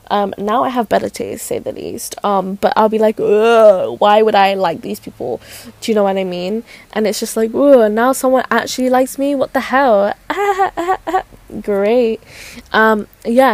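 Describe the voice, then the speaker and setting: A woman's voice: mid-range voice, no echo. A young woman telling a personal story in casual chat, giggly and rambling with many fillers and restarts. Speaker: podcast host.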